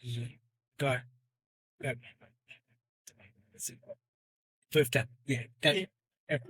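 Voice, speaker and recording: Slow, husky-voiced male host. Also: medium pitch, steady tone, a bit bright, no echo. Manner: slow, halting, backchanneling. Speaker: podcast host. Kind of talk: casual interview.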